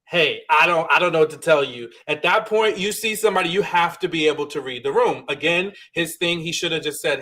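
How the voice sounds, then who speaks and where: Male podcast co-host, casual recap talk, animated, slightly high voice. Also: a little fast, hardly any pauses. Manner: chatty, animated, acts out quoted lines. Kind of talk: casual reality-show recap.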